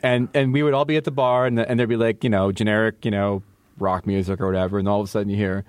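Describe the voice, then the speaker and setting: A man's voice: lowish voice, quick pace, clear, resonant tone, dry recording. A man co-hosting a podcast, telling rambling jokey stories in casual chat. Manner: jokey, rambling storyteller with animated impressions. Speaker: podcast co-host.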